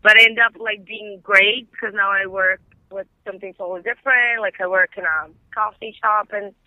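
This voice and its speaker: Male caller, high-pitched voice, rambling casual storytelling, filler words everywhere, tinny telephone sound. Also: fairly even intonation, normal speed, no room sound. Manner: rambling, heavy use of "like". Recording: tinny phone line.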